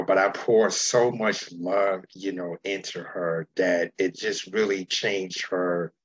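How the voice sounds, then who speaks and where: A man's voice: deep voice, fairly bright tone, husky, dry recording, poor audio. A man hosting a talk show, telling his own story in a hesitant way, searching for words. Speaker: host. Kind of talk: casual chat.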